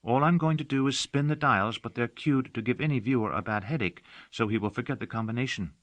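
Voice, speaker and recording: A man's voice: mid-range voice, a little fast, a bit bright, no echo, pitched above the performer's own voice, natural voice. A man reading an audiobook, voicing a devoted young female servant who talks earnestly and dotingly. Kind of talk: audiobook character voice.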